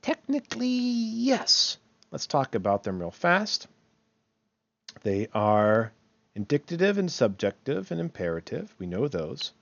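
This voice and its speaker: Lively, chatty male grammar lecturer. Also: on the low side, measured pace, creaky, dry recording, lo-fi sound. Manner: chatty, frequent "right?" checks and fillers; self-correcting, thinks aloud. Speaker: university English grammar lecturer. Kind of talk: recorded online lecture.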